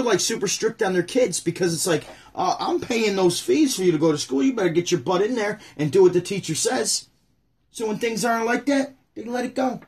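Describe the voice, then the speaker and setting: A man from upstate New York hosts his own livestream, talking bluntly and casually with viewers. His voice is husky and sits fairly high, and he rants with easy, chatty directness. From Syracuse, New York. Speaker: channel host.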